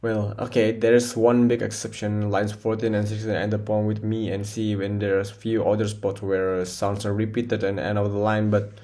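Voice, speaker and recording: Halting student, low male voice. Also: mellow. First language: Indonesian. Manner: halting, with many fillers and restarts. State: short of breath. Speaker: student presenting a poem analysis. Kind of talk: recorded class presentation.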